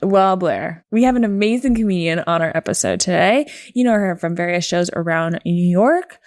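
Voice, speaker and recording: A woman's voice: on the low side, expressive, moderate pace, a little mellow, no echo, studio quality. A woman co-hosting a comedy podcast, telling a story in a chatty way full of "like". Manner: chatty, peppered with "like". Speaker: podcast co-host.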